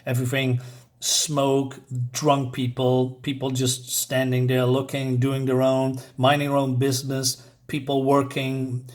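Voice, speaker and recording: A man's voice: medium pitch, monotone, measured pace, darkish tone. A man reviewing a comic book in a casual, rambling way, filling his talk with "you know" as he goes through the panels.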